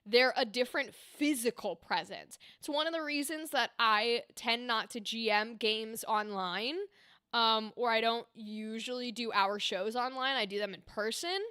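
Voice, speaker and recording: A young woman voice actor chatting casually on a livestream, animated and explaining with demonstrations. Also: fairly high pitch, unhurried, smooth, dry recording, studio quality. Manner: animated, talks with her hands, explains with demonstrations. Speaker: streamer and voice actor. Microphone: desk microphone.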